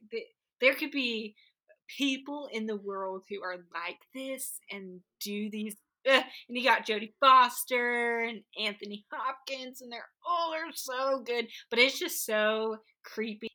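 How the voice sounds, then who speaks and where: A woman's voice: on the high side, a little slow, bright, forceful tone, poor audio. A woman co-hosting a casual chat podcast, talking earnestly with lots of fillers. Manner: chatty, earnest, uses fillers like "like". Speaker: podcast co-host.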